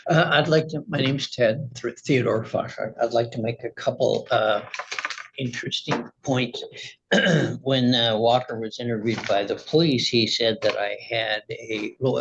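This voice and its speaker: A man's voice: medium pitch, steady tone, measured pace, creaky, a bit bright, muffled recording, slight background noise. A man speaking as a litigant in a courtroom, telling his side of the story in a rambling, agitated way full of restarts. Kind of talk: testimony in a courtroom.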